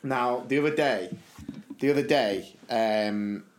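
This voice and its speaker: A British man co-hosts a casual podcast and tells lively stories. He laughs along and acts out the people in them. His voice sits at an ordinary middle pitch. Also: slow pace, a little hiss or hum. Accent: British English. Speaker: podcast co-host, teacher. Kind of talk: casual chat.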